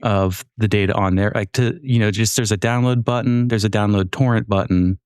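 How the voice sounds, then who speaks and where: A man's voice: lowish voice, fairly even intonation, brisk, darkish tone, smooth, dry recording, studio quality. A man hosting a casual podcast conversation, talking loosely and repeating words as he starts his points. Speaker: podcast host.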